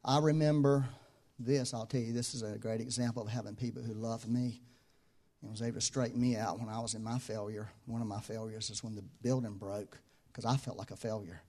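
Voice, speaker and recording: A man delivers a sermon as pastor in a conversational style. His voice sinks low and soft in reflective stretches, then rises loud and high for emphasis. He repeats key phrases to hammer them home. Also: fairly even intonation, brisk.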